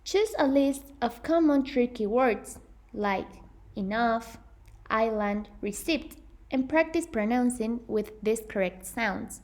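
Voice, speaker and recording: A woman's voice: fairly high pitch, lively intonation, unhurried, darkish tone. Earnest young woman teaching pronunciation. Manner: earnest, careful, with frequent self-corrections. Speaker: English pronunciation presenter. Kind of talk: scripted lesson presentation.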